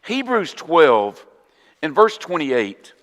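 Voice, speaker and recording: A man with a Southern US accent preaching a sermon in an earnest, emphatic way, often dropping to a quiet voice. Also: a little high, sing-song, slow, in a large hall, lo-fi sound. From southern United States. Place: church auditorium.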